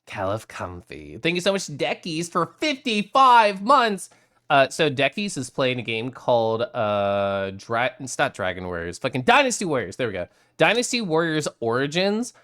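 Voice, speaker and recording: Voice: mid-range voice, big pitch swings, moderate pace, a bit bright. A streamer chatting casually on a live stream, reading out viewer messages, greeting viewers and laughing often.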